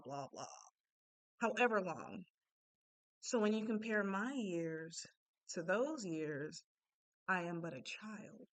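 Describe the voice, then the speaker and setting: Thirties woman, self-help talker, slow and smooth, dry close sound. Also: on the low side, no room sound. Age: 30s. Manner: conversational, often asks "right?" of listeners. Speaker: spiritual self-help speaker. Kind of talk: casual spoken reflection.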